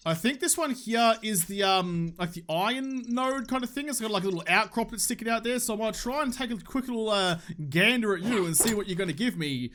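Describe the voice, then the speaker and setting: Young Australian man, high bright voice, casual sweary let's-play banter. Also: lively intonation, brisk, few pauses. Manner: joking, swears freely, talks to the game. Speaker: gaming YouTuber.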